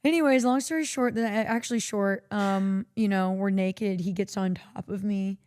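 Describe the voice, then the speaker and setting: A woman's voice: mid-range voice, moderate pace. A young woman from Texas, streaming host telling a story in casual chat, swearing freely and acting out quotes. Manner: animated, swears freely, acts out quotes in a raised voice.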